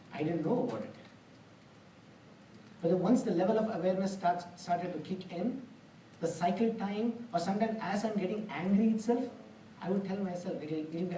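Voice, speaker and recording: Pausing often, the man talks at a moderate pace in a high-sitting voice with a dark tone, and a slight background noise is audible. He's delivering a down-to-earth spiritual discourse in a temple hall, sincere and full of homely illustrations. The recording sounds roomy, captured from a distance.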